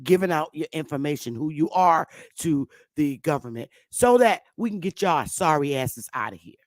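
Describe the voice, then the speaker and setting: A woman's voice: deep voice, lively intonation, normal speed, no room sound. Blunt, profane woman ranting on a livestream. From United States. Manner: greets viewers by name. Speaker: YouTube livestream host. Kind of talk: heated livestream rant.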